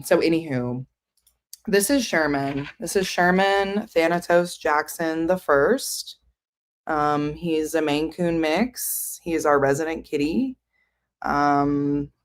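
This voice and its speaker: A woman with a low, deep voice hosts a casual book livestream. She rambles in a loose, chatty way, full of "um" and "like", and answers her viewers as she goes. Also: takes it slowly. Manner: many fillers like "um" and "like". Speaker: book streamer.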